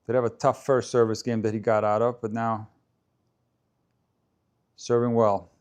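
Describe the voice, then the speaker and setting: A man at a mid-range pitch keeps up easy, unscripted live-stream chatter about a tennis match. He reads comments from his viewers and answers them in a relaxed, conversational tone. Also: unhurried, clear, resonant tone. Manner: chatty, stops to answer viewer comments and try out name pronunciations. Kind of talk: casual live-stream commentary and chat reading.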